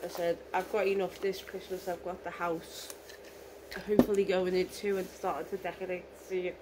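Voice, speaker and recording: A woman with a hoarse voice, gushing excitedly and emotionally in a casual unboxing vlog. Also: on the low side, brisk, noisy background. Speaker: vlogger.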